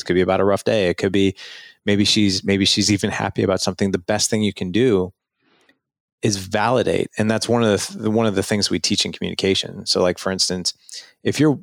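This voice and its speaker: A man's voice: sits low, creaky, no room sound, clean studio sound. A middle-aged man talking as a podcast guest, earnestly coaching men on marriage and acting out little scenes as he explains. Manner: earnest, animated storytelling with acted quotes. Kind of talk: casual advice conversation.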